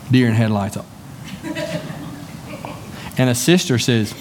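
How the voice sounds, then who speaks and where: A man's voice: mid-range voice, steady tone, measured pace, pauses often, a little mellow. Pastor, male, mid-range voice, folksy and conversational in the pulpit, slips into the voices of people in his stories; faint noise under the recording. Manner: conversational, folksy storytelling with acted-out dialogue. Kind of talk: sermon. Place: church sanctuary.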